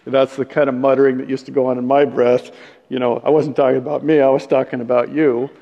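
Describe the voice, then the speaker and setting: A man's voice: mid-range voice, fairly even intonation, a little fast, vocal fry, darkish tone. A man preaching a conversational sermon, joking about himself and chuckling now and then. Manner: conversational, self-deprecating, chuckles at own jokes. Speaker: pastor. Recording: dull sound with long hall reverb.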